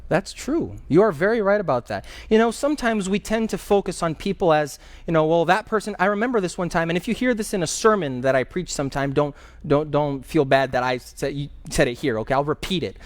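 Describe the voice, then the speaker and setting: A pastor teaching a Bible class and taking questions from the group, telling stories with energy and repeating key phrases, sometimes stopping to search for a word. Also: male voice, a little high, animated, a little fast, few pauses, no room sound.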